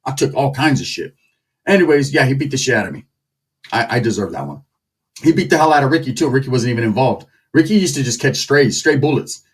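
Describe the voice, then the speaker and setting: Animated, husky-voiced male storyteller. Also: mid-range voice, fast talker, far from the mic. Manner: animated, crude, slang-heavy. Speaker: comedic storyteller. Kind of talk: comedic storytelling.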